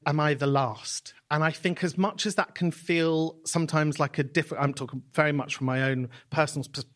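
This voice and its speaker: A man's voice: on the high side, fairly even intonation, fairly quick, a bit bright. A man hosting a live podcast, effusive and reflective. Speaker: podcast host.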